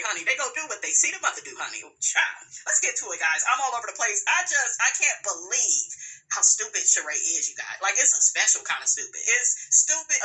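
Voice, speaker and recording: A woman hosting a reality TV recap, gossiping casually with sassy put-downs and playful asides to her viewers. She drags some words out slowly for emphasis. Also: mid-range voice, pushed and bright, poor audio.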